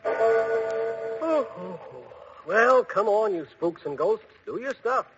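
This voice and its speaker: An actor playing Bud, a fearless, cheeky young hero, joking and unflappable, in 1940s radio drama. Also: male voice, high voice, expressive, slow pace, over loud music. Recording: dull old radio broadcast with hiss.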